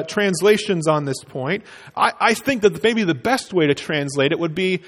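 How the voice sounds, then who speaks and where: A high-voiced male pastor preaches a sermon earnestly and explanatorily, raising his voice emphatically on quoted words and key phrases. The hall around him lets his words trail into a long reverb.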